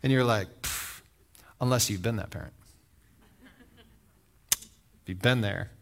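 A man's voice: lowish voice, a little slow, vocal fry, a little hiss or hum. A man preaching a sermon in a conversational way, telling stories, acting out the voices in them and asking his listeners questions. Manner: animated storytelling that acts out voices; conversational, asks the audience questions. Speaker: pastor.

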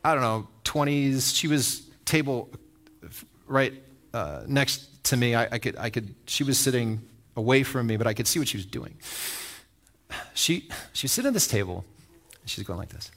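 With a medium pitch, a moderate pace, and frequent pauses, a pastor preaches in a conversational style. His stories are animated, with the voices acted out, and he keeps asking the listeners questions.

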